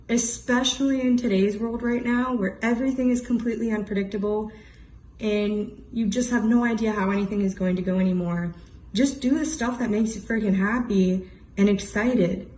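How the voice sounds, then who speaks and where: A woman's voice: medium pitch, moderate pace, darkish tone, reverberant, poor audio. A woman in her twenties talking candidly to camera in a casual vlog, full of "like" and "you know". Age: 20s. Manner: chatty, frequent "like" and "you know", candid and emotional. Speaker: vlogger.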